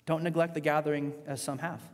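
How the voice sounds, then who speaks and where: A male pastor preaching a sermon in a church, emphatic, swinging between loud rising points and quiet asides. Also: a little high, little pitch movement, quick pace, in a large hall.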